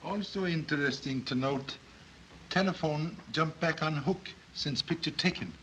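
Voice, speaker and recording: A man playing a calm, wise middle-aged detective who talks in clipped, proverb-like broken English, in a 1930s film. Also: on the high side, unhurried, slight background noise. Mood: measured. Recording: dull old film soundtrack.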